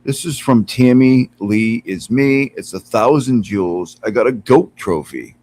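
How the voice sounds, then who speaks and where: A man's voice: medium pitch, unhurried, a little mellow, rough recording. A man streaming casually from home, chatting with viewers, laughing often and cooing at his cat, sitting some way from his computer mic. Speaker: live streamer. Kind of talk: casual live-stream chat. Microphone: computer mic some distance away.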